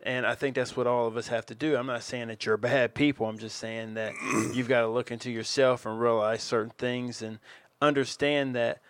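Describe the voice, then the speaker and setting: A man co-hosting a podcast who speaks in an earnest, reflective, measured way. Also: medium pitch, flat delivery, smooth, no room sound. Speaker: podcast co-host. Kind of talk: casual chat.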